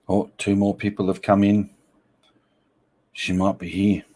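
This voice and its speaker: A man's voice: low voice, completely flat delivery, unhurried, a little mellow. A man hosting a casual live stream, reading out viewer comments in a playful, teasing way. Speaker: livestream host.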